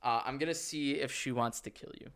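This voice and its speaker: A young man hosting a podcast and running an improvised tabletop game, animated and giggly, swearing freely. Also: medium pitch, a little fast. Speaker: podcast host and game master. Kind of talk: improvised tabletop role-play.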